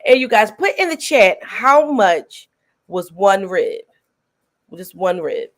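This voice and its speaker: Middle-aged woman, host, casual film chat, animated, laughs a lot, medium pitch. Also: slow pace. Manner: animated, laughs often while retelling scenes.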